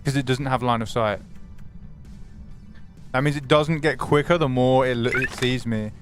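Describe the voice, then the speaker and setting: A man's voice: mid-range voice, moderate pace, music in the background. A man streaming a game live, commenting animatedly, swearing and greeting his chat.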